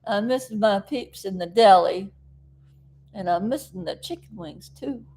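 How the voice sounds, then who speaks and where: Woman vlogger from South Florida, recovering and teary; slow, rambling, talks straight to viewers. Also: mid-range voice, darkish tone, breathy edge. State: recovering, tearful. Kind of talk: casual chat to camera.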